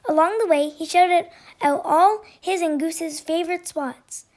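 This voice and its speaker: Very high-voiced woman reading a storybook. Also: a little slow, darkish tone. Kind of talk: children's picture book read aloud.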